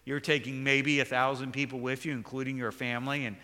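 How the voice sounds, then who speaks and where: A man's voice: flat delivery, a little fast, bright, forceful tone. Preaching man in a reverberant hall. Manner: earnest, rises in pitch and volume for emphasis, repeats words. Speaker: pastor. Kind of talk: sermon.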